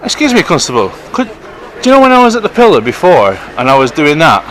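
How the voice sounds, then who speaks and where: A man confronts officers while he films them outdoors near a station on a handheld phone. His voice sits fairly high, and he argues in a repetitive, indignant way. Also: huge pitch swings, fast talker, a bit bright, a faint crowd, a little hiss or hum, rough recording. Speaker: street filmer live-streaming police. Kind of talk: confrontational street filming. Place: outdoors on a town street by a railway station.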